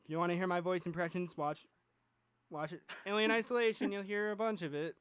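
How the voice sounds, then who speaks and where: A man's voice: high voice, steady tone, fairly quick, a bit bright, clear, resonant tone. A man hosting a casual podcast chat, rambling and joking with plenty of fillers. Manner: rambling, jokey, lots of fillers. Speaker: podcast host.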